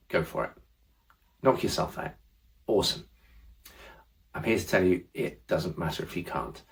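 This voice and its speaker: Low-voiced man teaching Spanish casually. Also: creaky. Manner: relaxed, reassuring, encouraging. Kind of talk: casual spoken lesson.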